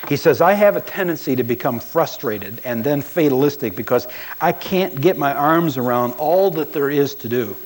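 A man's voice: medium pitch, expressive, normal speed, rough recording. A man preaching a sermon as a pastor, telling stories and acting out quoted voices with emphasis.

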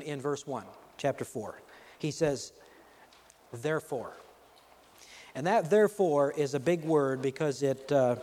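Man preaching a sermon, slightly high voice, slow emphatic delivery, long hall reverb. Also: darkish tone. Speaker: pastor.

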